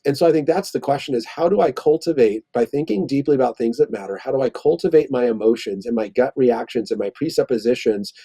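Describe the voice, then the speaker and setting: Husky man explaining at length. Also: medium pitch, quick pace, few pauses, dark tone. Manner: thoughtful, explains at length with restarts. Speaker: interview guest. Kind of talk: conversational interview.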